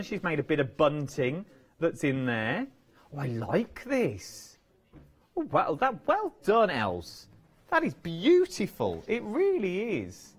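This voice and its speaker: A man presenting crafts on a live TV shopping channel, chatty and playful. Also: high voice. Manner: chatty, playful, lively banter. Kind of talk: live TV sales chat. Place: TV studio.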